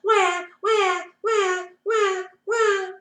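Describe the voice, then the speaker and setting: A bawling baby girl, as a woman reading aloud puts her on fills the room with shrill, repeated wails. The voice is pitched very high and rings in an echoey room. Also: fairly even intonation, very slow, full character voice. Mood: wailing. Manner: loud repeated wailing. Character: wailing newborn baby girl.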